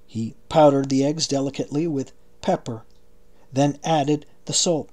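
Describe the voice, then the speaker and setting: A man narrating an audiobook in a steady, measured way. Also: medium pitch. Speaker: audiobook reader.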